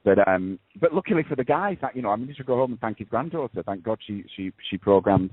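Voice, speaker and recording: Husky low-voiced male co-host on the phone. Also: animated, quick pace, dry recording. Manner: emphatic, stammering restarts. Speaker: radio co-host. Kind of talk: casual talk-radio chat. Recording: tinny phone-line sound, dry.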